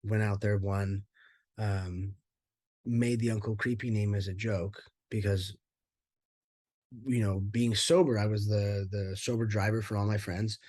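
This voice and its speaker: Guy with a lowish voice rambling thru his story, lots of um and you know, dry close sound. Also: level tone, measured pace, a little mellow, dry recording. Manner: candid and rambling, many fillers and restarts, swears casually. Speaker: interview guest, former pro fighter. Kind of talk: candid storytelling interview.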